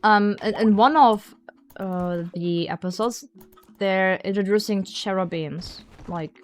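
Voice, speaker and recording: A woman streamer chats casually while playing a game, speaking slowly in a medium pitch. She repeats words often and giggles a lot.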